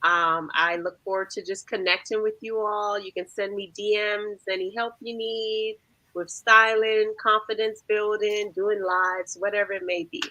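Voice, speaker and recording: A woman's voice: medium pitch, steady tone, normal speed, pushed and bright, no echo, poor audio. A woman on the panel, a stylist, signing off in an upbeat, friendly way. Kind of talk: casual sign-off.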